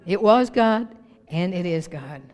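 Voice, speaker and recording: A woman's voice: lively intonation, a little slow. Woman preaching emphatically in a reverberant church. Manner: emphatic preaching with big rises and drops in pitch and loudness. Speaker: pastor. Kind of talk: sermon. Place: church sanctuary. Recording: long reverb of a church hall.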